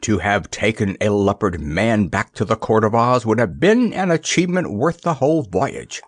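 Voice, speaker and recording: A gruff, blustering old pirate captain from a storybook, as a man acts him out, with a gravelly rasp and slow, swaggering speech. The reading is dry and close to the mic. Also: fairly low pitch, lively intonation, no echo. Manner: gruff, blustering sea talk.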